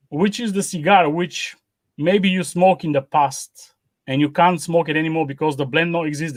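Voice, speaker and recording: A man who was not born in England and lives there, chatting casually as a guest over a video call, in halting phrasing with many "you know"s. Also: a little high, dry recording. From not English-born, lives near Leeds. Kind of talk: casual chat.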